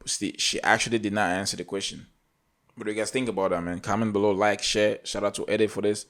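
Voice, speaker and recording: A man's voice: fairly low pitch, steady tone, fast talker, a bit bright. A man from Africa hosting a reaction video, talking in an emphatic, repetitive, preachy way. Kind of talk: casual reaction commentary.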